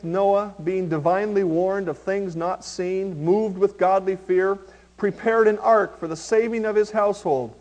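A male pastor preaching a sermon, reading scripture slowly and with emphasis, then talking plainly to his congregation. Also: high voice, darkish tone.

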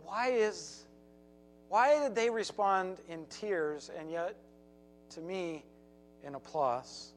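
A man's voice: high-pitched, slow pace, pauses often, slight background noise. A man doing a puzzled famous actor.

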